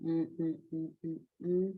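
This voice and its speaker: A woman's voice: low voice, little pitch movement, unhurried. A woman student answering hesitantly in an online class, on muffled audio.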